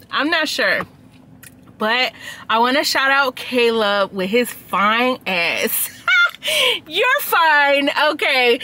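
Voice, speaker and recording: A woman vlogger with a bright, high voice talks slowly and casually to her viewers. She is chatty and slangy, and her upbeat food vlog carries a faint hiss underneath. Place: outdoors at sunset.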